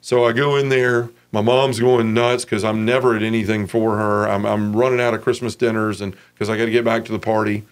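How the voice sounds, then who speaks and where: Candid man, fairly low voice. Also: flat delivery, brisk, hardly any pauses, clear, resonant tone. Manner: casual and frank, peppered with "man", "dude" and "like". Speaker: interview guest. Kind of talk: candid personal testimony.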